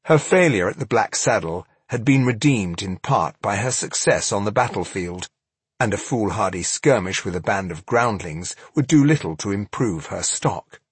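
A man reading fantasy fiction aloud as an audiobook narrator, with dramatic, measured storytelling. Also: lowish voice, breathy edge, no echo.

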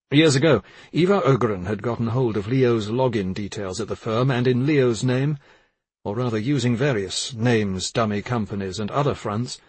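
A man narrating a thriller in a measured, subdued reading. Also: medium pitch, husky, no echo. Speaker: audiobook narrator.

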